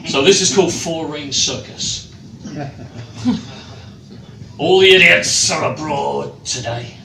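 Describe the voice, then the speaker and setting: Slow, dry-voiced man reading comic poems. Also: a little high, big pitch swings, bright, forceful tone. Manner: dry, measured delivery with hesitant fillers. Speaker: guest author and poet. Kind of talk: live comic poetry reading. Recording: echoey room, far mic, noisy.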